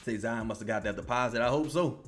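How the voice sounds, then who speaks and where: A man's voice: medium pitch, quick pace, faint music behind. A young man, streaming commentary on a basketball game. He curses, repeats himself and greets chat viewers by name. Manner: profane, excitable, yells at the players then calms down. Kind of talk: live-stream watch-along commentary.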